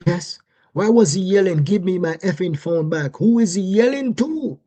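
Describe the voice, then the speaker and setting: Speaking casually on a livestream, a commentator with a medium-pitched, dark-toned voice sounds animated and rhetorical. He or she repeatedly asks "right?" and "yes?" to check in, slowing down to stress key words.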